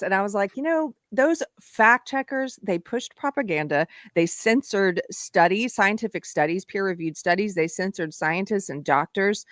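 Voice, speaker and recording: A woman's voice: medium pitch, lively intonation, normal speed, few pauses, no echo, clean studio sound. A woman hosting a live online show, chatting casually and laughing often as she tells stories. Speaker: host. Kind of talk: casual live-stream chat.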